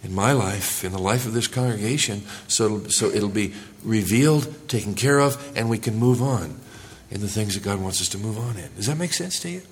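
A male pastor preaching a sermon in church, earnest, rising for emphasis and dropping low and quiet. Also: lively intonation, fairly quick, few pauses, slight background noise.

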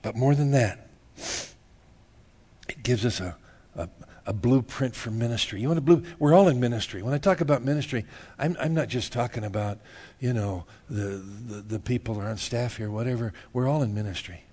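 A man's voice: mid-range voice, moderate pace, a little mellow, slightly rough. A middle-aged male pastor giving a casual, joking sermon, laughing often and tagging "man" onto his sentences.

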